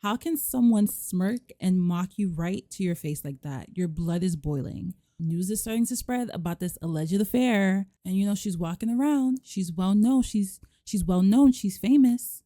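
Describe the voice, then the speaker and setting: A woman gives casual let's play commentary, animated and sassy, slipping into her characters' lines as she goes. Her voice sits mid-range with a mellow, relaxed warmth. The sound is close and dry, with little room around it. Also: medium pitch, moderate pace, few pauses, no echo.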